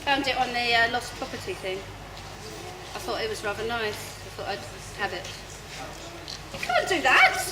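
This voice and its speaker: A woman clowning on a live stage, talking in a soft, calm, coaxing way, recorded from far off in an echoey festival marquee. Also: fairly high pitch, moderate pace, pauses often. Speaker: clown performer. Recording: echoey tent from far off, noisy.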